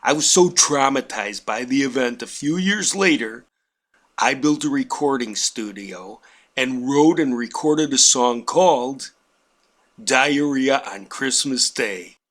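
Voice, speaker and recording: A man telling a comic personal story in a wry, self-mocking, exaggerated way. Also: mid-range voice. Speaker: painting instructor telling a family story.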